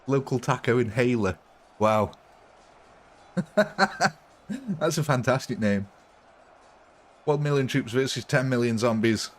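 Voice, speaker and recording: A man's voice: medium pitch, animated, takes it slowly, long pauses. A man casually chatting with viewers during a live stream, rambling and laughing often.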